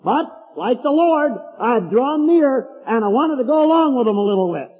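A man's voice: extremely high pitch, expressive, moderate pace, breathy edge, soft background music. An older man preaching a folksy storytelling sermon with chuckling asides, heard through a tinny, echoey hall recording.

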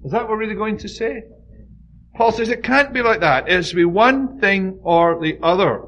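Man teaching Scripture, somewhat high-pitched. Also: expressive, normal speed, fairly bright tone. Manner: informal, frequent "you know", stresses key words emphatically. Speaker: Bible study teacher. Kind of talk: conversational Bible teaching.

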